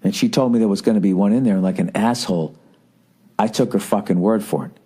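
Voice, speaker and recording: A man's voice: fairly low pitch, fast talker, mellow, slightly rough. A man in his forties hosting a podcast, telling a comic story in a profane, exasperated, ranting way. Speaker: podcast host. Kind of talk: comedic storytelling monologue.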